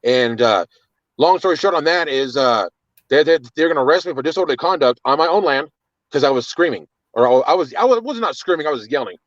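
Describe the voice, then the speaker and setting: A man's voice: on the high side, animated, fast, no room sound, lo-fi sound. Agitated cursing man telling a story. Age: adult with children. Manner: agitated, swearing, repeating words. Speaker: man telling of his arrest. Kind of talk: casual storytelling.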